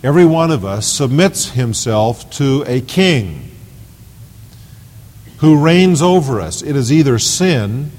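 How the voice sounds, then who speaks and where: A man's voice: medium pitch, darkish tone. Emphatic preacher man in a reverberant hall. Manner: emphatic, repeats phrases for stress. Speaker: pastor. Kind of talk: sermon. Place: church sanctuary. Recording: long reverb of a large hall.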